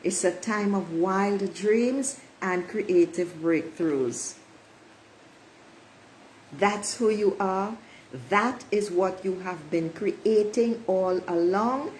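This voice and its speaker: A woman reads oracle cards in an unhurried, deliberate way, lingering on each phrase. She speaks emphatically, repeats her affirmations and talks straight to her listeners. A faint hiss of noise sits under her voice. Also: mid-range voice, a little mellow, poor audio. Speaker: oracle card reader. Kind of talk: spiritual card reading to viewers.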